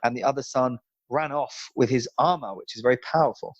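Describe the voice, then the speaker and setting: A man's voice: mid-range voice, fairly quick. A man co-hosting a podcast over a video call, chatty and teasing as he questions his partner. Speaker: podcast co-host. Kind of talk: casual chat. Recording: dull, dry video-call audio.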